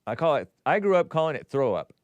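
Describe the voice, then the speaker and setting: A man's voice: on the high side, very animated, fast talker, no echo, highs cut off. A man hosting a casual livestream show, reading viewer messages aloud and answering them in a chatty way, laughing often and muttering asides under his breath.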